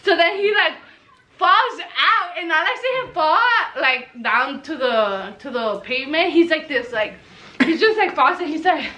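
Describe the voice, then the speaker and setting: A young woman in a casual storytime vlog, her voice high and bright. She tells the tale in an animated, loose way, swears without a second thought and slips into quoted lines as she goes. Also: moderate pace, poor audio. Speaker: storytelling vlogger.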